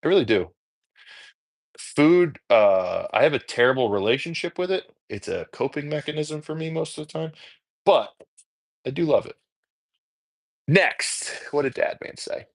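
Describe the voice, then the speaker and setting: A man's voice: fairly high pitch, expressive, measured pace, pauses often, no room sound. A man casually chatting while prepping food, rambling and self-deprecating, swearing freely, with a New Jersey accent. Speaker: home cook content creator. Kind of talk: casual chat while cooking prep.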